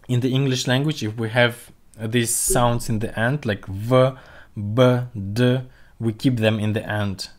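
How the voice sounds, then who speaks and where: A man teaching a livestreamed vocabulary lesson, slowly modelling pronunciation and repeating sounds for his students. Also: medium pitch, steady tone. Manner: slow, careful, demonstrates pronunciation by repeating sounds. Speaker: language teacher. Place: home room, streaming. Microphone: computer mic on a livestream.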